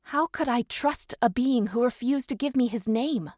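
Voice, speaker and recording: A woman reading a first-person audiobook in steady storytelling narration. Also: fairly high pitch, normal speed, hardly any pauses, dry recording, studio quality.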